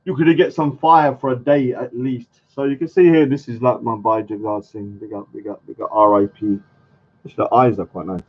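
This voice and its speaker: Searching for things while he talks, a livestreaming artist mutters to himself between bits of casual chat. His voice is medium-pitched, brisk, and fairly even in intonation, heard through dull lo-fi stream audio.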